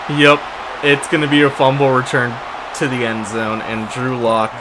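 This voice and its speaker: A man's voice: medium pitch, flat delivery, moderate pace, background noise. Exasperated man calling his own gameplay. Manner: exasperated, sarcastic play-by-play with frequent restarts. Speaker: gaming YouTuber. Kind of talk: casual gameplay commentary.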